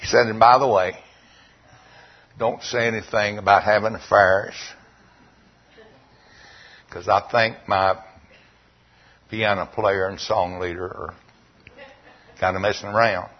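A man preaching a sermon, telling stories and reading scripture slowly in a lowered voice. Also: fairly even intonation. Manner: storytelling, quoting scripture in a slow, lowered voice. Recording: dull lo-fi recording.

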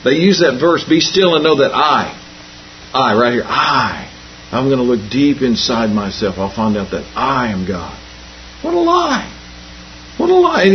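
Folksy preacher, somewhat high voice. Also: male voice, dull audio, slight background noise. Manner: repeats himself, restarts phrases, homespun jokes. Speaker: preacher and Bible teacher. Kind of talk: folksy sermon.

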